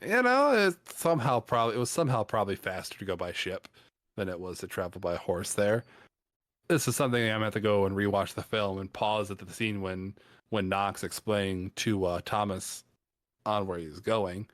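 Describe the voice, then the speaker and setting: Low-voiced man, dry close sound. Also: lively intonation, fairly quick, fairly bright tone, no room sound. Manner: hesitant, lots of ums and hedging. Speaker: film podcast co-host. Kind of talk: casual film review chat.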